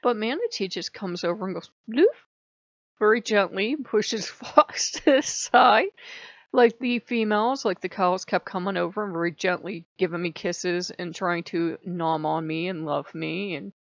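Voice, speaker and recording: A woman's voice: fairly low pitch, normal speed, no echo. A woman vlogging in a rambling, chatty way, often laughing as she talks. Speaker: spiritual vlogger. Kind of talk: casual chat. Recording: dry, slightly muffled lo-fi.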